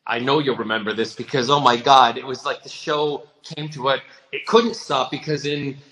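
A man's voice: mid-range voice, fairly even intonation, moderate pace, roomy sound, background noise. A man recalling a backstage mishap in casual chat, rambling a little as he remembers. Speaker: guest performer. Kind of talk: anecdotal chat over video call.

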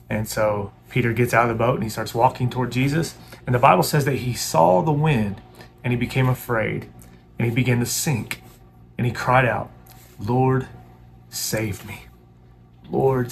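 A man's voice: medium pitch, fairly even intonation, brisk, gravelly. A male pastor giving an earnest devotional sermon and leading a pleading, repetitive prayer.

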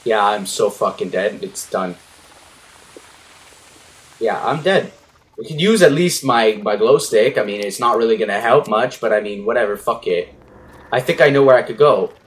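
A young man commentating a horror game as he plays, panicky and swearing, yelling at the enemies on screen. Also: lowish voice, lively intonation, moderate pace, pauses often. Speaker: gaming YouTuber.

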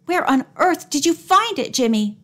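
A woman's voice: high voice, big pitch swings, moderate pace, voice pushed up. A woman reading an audiobook, voicing a sensible, firm teenage girl. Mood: scolding. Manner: gently scolding.

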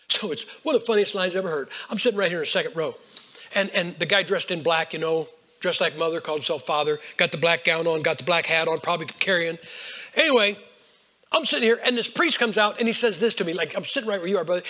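An older man preaching a folksy storytelling sermon, swinging between hushed lines and loud bursts. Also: high voice, fast. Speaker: Baptist preacher.

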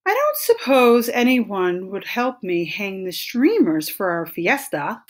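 A woman's voice: medium pitch, very animated, slow. A woman doing a fed-up storybook iguana. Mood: exasperated. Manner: eager, then exasperated, emphatic. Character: hardworking, fed-up female iguana. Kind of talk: storybook read-aloud.

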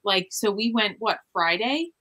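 A woman, a paranormal investigator, explaining in a relaxed, filler-heavy casual chat. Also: medium pitch, unhurried.

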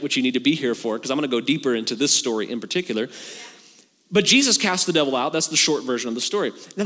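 A man preaching as a pastor, telling the story in a casual, joking way and acting out the dialogue. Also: fairly high pitch. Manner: animated storytelling with acted-out dialogue. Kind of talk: sermon. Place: church sanctuary. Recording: long hall reverb from a church.

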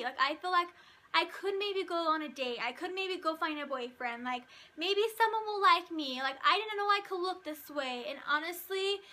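A young woman with a high, bright voice gushes through a casual Q&A vlog, piling up run-on sentences full of "like" and "um." She speaks as a hairstylist addressing her followers. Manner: gushing, talks in run-on bursts with frequent "like" and "um". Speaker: YouTuber and hairstylist.

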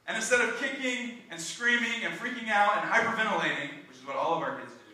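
A man's voice: sits high, animated, a little fast, pushed and bright. A man, a pastor delivering a sermon, emphatic and repeating his key lines. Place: church sanctuary. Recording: echoey room, from a distance.

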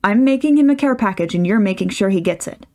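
A woman voicing a no-nonsense, bustling motherly aunt in a storybook reading, firm and brisk. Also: on the high side, lively intonation, vocal fry, mellow, pitched above the performer's own voice.

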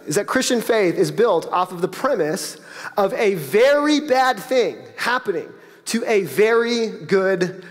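A man from South Florida preaching a sermon as pastor, talking conversationally and building to emphatic high peaks. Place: church auditorium. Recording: long reverb of a church hall.

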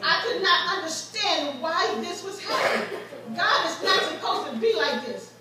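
A woman's voice: extremely high pitch, expressive, normal speed, very noisy. A woman preaching a sermon as guest preacher, telling stories from her own life with rising fervor. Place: church sanctuary. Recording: echoey church from far off.

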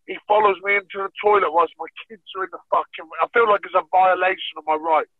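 A man, a podcast guest and former fighter, telling a story in casual, profane, animated speech. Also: sits high, fast talker, few pauses, dry recording. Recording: tinny phone-like dry sound.

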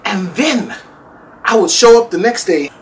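A man hosting a casual comedic vlog to camera, self-mocking, laughing often and jumping up high in pitch for emphasis. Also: lively intonation, a little slow. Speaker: vlogger.

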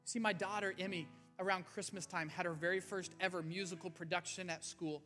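Bright-voiced preacher man. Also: high voice, steady tone, a little fast. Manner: earnest, conversational preaching with rising emphasis. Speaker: pastor. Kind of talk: sermon. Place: church sanctuary. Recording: faint music underneath.

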